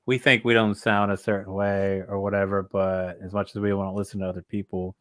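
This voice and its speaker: A man's voice: deep voice, flat delivery, a little fast, a bit bright. A man with a Southern US accent hosting a casual motorcycle livestream, rambling and laid-back, saying dude a lot. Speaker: motorcycle channel host.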